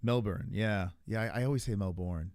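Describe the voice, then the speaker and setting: A man's voice: lowish voice, brisk, darkish tone, smooth, no room sound, clean studio sound. A man hosting a live stream, chatting casually and crudely with his viewers while reacting to videos. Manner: loose, rambling, crude, talks to chat. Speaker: streamer host.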